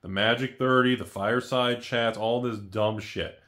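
A man's voice: medium pitch, normal speed. A man giving a casual, rambling commentary on the collectibles market as the host, correcting himself and throwing in jokey asides. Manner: rambling, animated, self-correcting.

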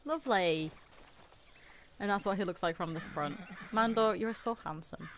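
A woman's voice: medium pitch, normal speed, a bit bright, a little hiss or hum. A woman streaming a game from her room, chatting and giggling with her viewers. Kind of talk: casual livestream chat while playing. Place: her own room at home.

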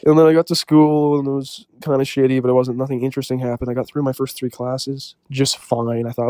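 A young man telling a comic story in a deadpan, self-serious, rambling way. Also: mid-range voice, normal speed, smooth, dry recording, clean studio sound. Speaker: comedy storyteller. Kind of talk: deadpan comedic story monologue.

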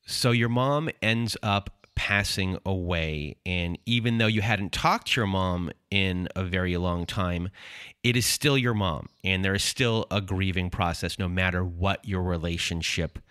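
A man hosting a podcast interview, calmly summing up the guest's story before asking his questions. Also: deep voice, smooth, no echo, studio quality. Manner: calm, measured summarizing. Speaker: podcast host.

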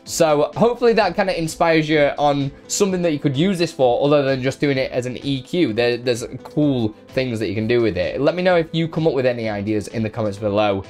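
Chatty tutorial host. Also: male voice, medium pitch, fairly quick, few pauses, soft background music. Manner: relaxed, chatty, many fillers and restarts. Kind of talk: casual software tutorial.

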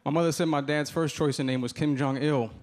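A man's voice: on the high side, fairly even intonation, fairly quick. A man from the Dominican Republic doing a stand-up set on a comedy club stage, talking in a loose, conversational way with asides to the audience. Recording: live club, crowd laughter and room noise.

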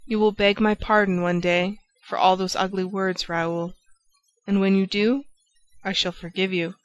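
A young woman singer pleads in a low, grave voice, as a female reader voices her. The pitch sits in the middle for a woman, told in a storybook reading. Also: little pitch movement, unhurried, dull audio, lightly acted. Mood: pleading.

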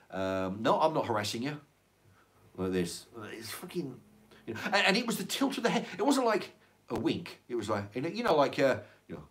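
An older man, chatting casually on a livestream and reading out viewer comments, rambling, repeating words and swearing. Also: medium pitch. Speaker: livestream host reading chat. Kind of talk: casual chat.

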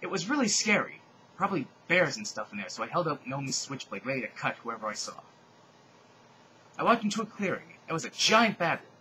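A man giving a comedic dramatic reading of bad fan fiction, with deadpan asides between exaggerated passages. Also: on the high side, fairly quick, slight background noise, poor audio. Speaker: fanfic reader.

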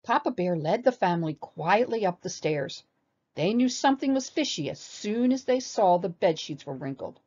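A woman reading a children's story aloud with animated expression. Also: mid-range voice, moderate pace, highs cut off.

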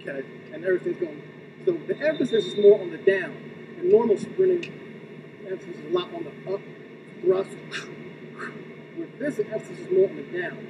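Lively coach counting beats, from afar. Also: male voice, sits high, brisk, pauses often, distant mic, lo-fi sound, noisy background. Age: middle-aged. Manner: counts beats aloud, punctuates with "okay?". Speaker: hurdles coach. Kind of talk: demonstration lesson.

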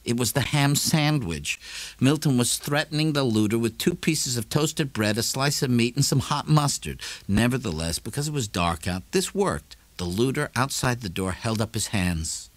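A man reading a novel aloud in measured, lively storytelling narration. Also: mid-range voice, no echo. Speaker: audiobook narrator. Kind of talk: scripted narration.

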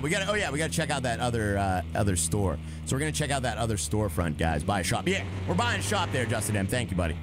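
A young man streaming a game live, chatting casually, laughing often and reading out messages from his chat, with music playing behind him. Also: mid-range voice.

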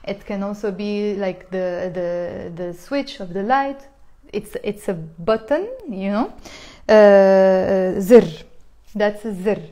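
A Lebanese woman teaching a live online lesson, chatty and repeating each phrase slowly for learners. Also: medium pitch, dark tone. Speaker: Arabic teacher.

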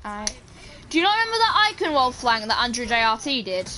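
A woman casually commenting on her own gameplay and talking excitedly to her teammates. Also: fairly high pitch, fast talker. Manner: chatty, excitable, talks to teammates while playing. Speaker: gaming channel host.

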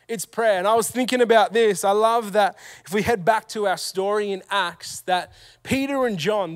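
A young man gives a casual youth sermon in a bright, high voice. He tells stories full of slang and pokes fun at himself. The sound is dry and close, with no room around it. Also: dry recording. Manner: energetic storytelling with slang and self-mocking humor. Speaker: youth pastor.

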